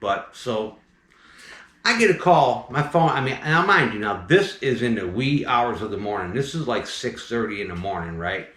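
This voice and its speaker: A man with a slight Southern accent who removes snakes, telling a story in a chatty, animated way. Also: mid-range voice, normal speed. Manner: animated, chatty, keeps saying "right?" and "mind you". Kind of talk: casual storytelling. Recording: roomy echo.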